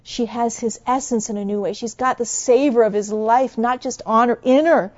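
A woman preaching a sermon, soft and musing at times and fervently exhorting at others. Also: fairly high pitch, fairly even intonation, normal speed, lo-fi sound.

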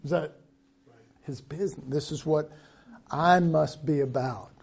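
A man preaching a sermon in a slow, conversational way, reading scripture aloud and adding asides. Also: fairly high pitch, creaky, a little mellow, breathy edge, muffled recording.

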